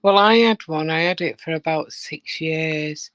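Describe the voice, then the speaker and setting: A woman chatting as a guest on a live stream, telling animated stories and acting out the voices in them. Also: low-pitched, a little slow, no room sound. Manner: animated storyteller who acts out voices. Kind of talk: casual chat.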